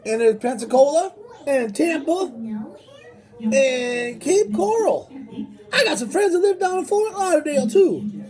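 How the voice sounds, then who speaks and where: High, lively woman joking through a game. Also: a little slow, pauses often. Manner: goofy, exclamatory, puts on voices for places. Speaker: gameplay commentator. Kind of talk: playful gameplay commentary.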